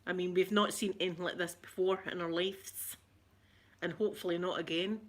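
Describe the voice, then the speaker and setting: Chatting casually with livestream viewers, a middle-aged ASMR host from Scotland speaks briskly in a fairly low voice with fairly even intonation and a Glaswegian accent. She laughs often and repeats her phrases.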